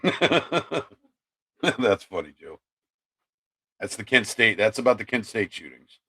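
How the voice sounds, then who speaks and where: A man's voice: lowish voice, big pitch swings, slow, bright, forceful tone, slightly rough. Ranting middle-aged man livestreamer. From Ohio, USA. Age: 50s. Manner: ranting, repeats and restarts words. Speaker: livestream host. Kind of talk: political commentary livestream, answering chat.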